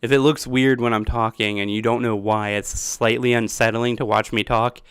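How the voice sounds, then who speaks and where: Streamer man, casual and rambling, laughing often, mid-pitched, dry close mic. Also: little pitch movement, moderate pace, fairly bright tone, clean tone, no echo. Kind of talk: casual live-stream chat.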